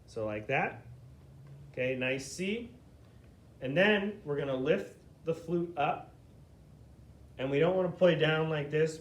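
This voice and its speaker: A man's fairly high, animated voice guides a beginner through a flute lesson. He patiently and slowly explains each hand position in turn, frequently checking in with "okay?".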